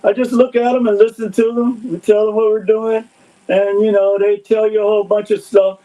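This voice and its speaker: A man who fundraises, chatting as a podcast guest, agreeable and quick to laugh. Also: high voice, little pitch movement, warm tone, rough recording. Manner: agreeable, laughs often, restarts. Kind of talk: casual conversation.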